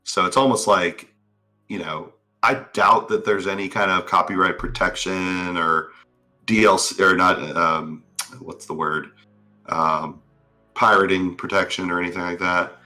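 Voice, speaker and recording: A man's voice: deep voice, a little slow, soft background music. A man co-hosting a casual online talk show, rambling loosely with fillers. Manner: relaxed, rambling with filler words. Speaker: podcast co-host. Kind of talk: casual chat.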